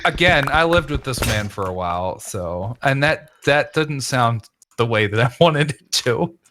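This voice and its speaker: A man's voice: medium pitch, animated, measured pace, background noise. A young man co-hosting a casual gaming podcast, bantering and teasing his friends. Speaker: podcast co-host. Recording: music playing underneath.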